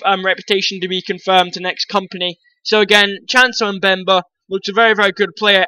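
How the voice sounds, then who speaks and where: A man's voice: sits high, sharp tone, no room sound, poor audio. A man vlogging casual football commentary, rambling and opinionated, talking straight to his viewers.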